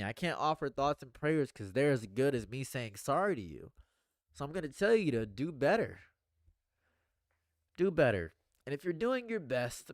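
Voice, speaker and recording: A man's voice: medium pitch, dry recording, studio quality. A man talking earnestly to his live stream audience in a rambling, repetitive monologue. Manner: earnest, rambling, repeats phrases.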